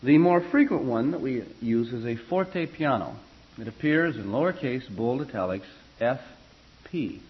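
In this muffled recording, a mid-range male voice moves along unhurriedly with lively intonation. He leads a singing lecture for a choir on vocal expression, loose and chatty, full of fillers and restarts, and he spells out the musical terminology.

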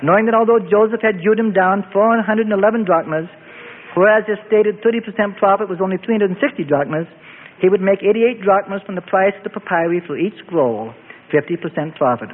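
A man's voice: high voice, fairly quick. Male storyteller on tinny echoey audio. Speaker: narrator. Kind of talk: storybook narration. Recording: tinny, echoey, faint hiss.

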